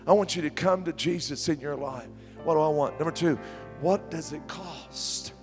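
A middle-aged man preaching a sermon as pastor, telling stories with repeated questions that swing from near-whispers to loud, high climbs. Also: moderate pace, in a large hall, music in the background. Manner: animated storytelling preacher, repeating questions, sudden soft drops and loud climbs.

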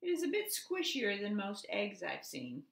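A woman voicing an excitable, fussy male duck in a storybook read-aloud, squawking and huffy. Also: mid-range voice, moderate pace, vocal fry, pitched above the performer's own voice. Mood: gentle. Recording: echoey room.

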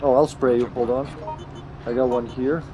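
A man's voice: medium pitch, steady tone, normal speed, highs cut off. A man streaming a video game, joking, swearing and talking to his teammates in casual commentary.

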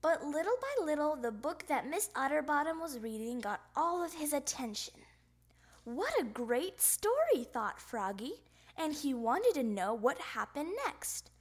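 A woman narrating a children's picture book aloud, with playful, expressive sound effects. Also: high-pitched, moderate pace. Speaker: storybook reader.

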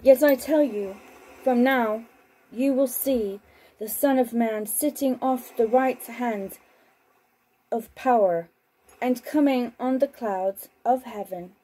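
A woman slowly reading scripture aloud as host of a home broadcast, then chatting on the phone. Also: on the high side, mellow, low-quality recording. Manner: slow, deliberate reading; chatty and laughing on the phone.

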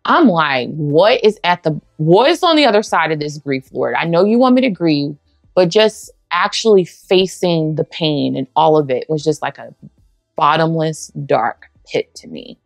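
A woman's voice: low-pitched, expressive, normal speed, creaky, no echo, studio quality, soft background music. A woman giving a heartfelt personal testimony at church, talking in a conversational way and acting out bits of dialogue. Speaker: women's ministry speaker.

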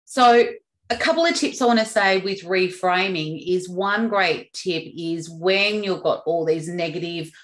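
A woman's voice: fairly low pitch, unhurried, a bit bright, roomy sound. A woman hosting a self-help podcast, talking in a casual, chatty way and laughing now and then. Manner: chatty, laughs at her own stories. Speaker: podcast host.

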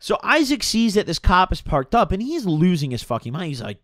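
A young man spins a rambling, slangy story, his pitch bouncing up and down as he goes. His voice sits a touch high for a man. The sound is dry and close, with no room echo. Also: animated, fast talker, hardly any pauses, fairly bright tone. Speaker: streamer. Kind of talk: casual storytime.

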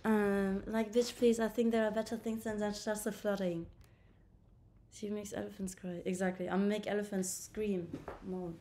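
A woman's voice: medium pitch, flat delivery, normal speed, dark tone. A woman livestreaming casually on a laptop mic, brash and profane, bickering with her chat. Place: indoors at a laptop.

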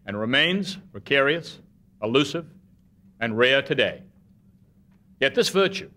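A man delivering a formal state budget address in an auditorium, measured and oratorical, with a light humorous touch. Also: a little high, sharp tone. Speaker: governor. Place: museum auditorium.

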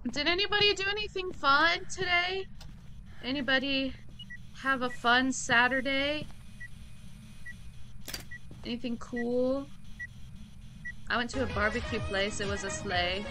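A woman live-streaming a game, with a clear, bright tone and an unhurried, drawn-out way of talking. She chats casually with her viewers in loose slang and hums to herself between remarks. Her voice sits a touch higher than most women's. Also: soft background music. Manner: chatty, relaxed, hums idly between remarks; slangy, talks straight to chat.

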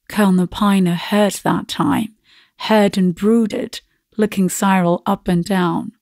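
A woman narrating a classic story aloud in a measured, husky voice. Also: medium pitch, fairly even intonation, darkish tone, no echo, studio quality. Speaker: audiobook narrator. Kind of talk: scripted narration.

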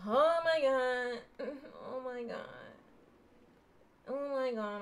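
A young woman giving casual let's-play commentary as she plays, animated and full of exclamations, sometimes reading game dialogue aloud. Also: high-pitched, drawn-out words, long pauses, a little hiss or hum. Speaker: gaming streamer.

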